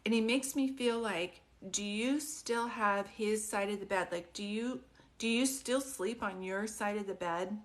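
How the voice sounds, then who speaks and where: A woman working as a psychic medium on a live stream who talks softly and gently, keeps asking questions, and speaks in a casual, chatty way. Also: medium pitch, a little slow. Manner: soft, consoling, often asks questions.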